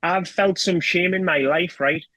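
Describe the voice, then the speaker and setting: A middle-aged man with a Geordie accent, interviewed as a guest, tells his personal story frankly and emotionally, swearing often and repeating "do you know what I mean." His high-pitched voice has a sharp tone and an unhurried pace, recorded dry and rough.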